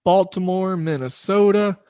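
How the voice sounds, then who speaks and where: A man with a slightly higher voice runs a solo sports betting podcast, chatting loosely and poking fun at himself. His delivery rambles in a relaxed way. The recording is close and dry, with no room sound. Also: unhurried, clear, resonant tone, no echo. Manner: loose, rambling, self-deprecating. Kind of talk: casual solo podcast talk.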